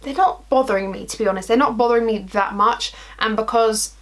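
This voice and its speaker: A woman's voice: on the high side, brisk. A young woman chatting casually through a makeup tutorial, rambling and poking fun at herself as she works in front of a mirror. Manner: chatty, self-deprecating, rambling asides. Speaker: makeup vlogger.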